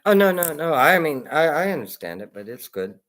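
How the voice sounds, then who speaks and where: A man's voice: on the high side, big pitch swings, brisk, a bit bright. Rambling laughing man on a livestream. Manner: rambling, laughs often, reads chat aloud. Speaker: livestream host. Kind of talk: casual livestream chat. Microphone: headset.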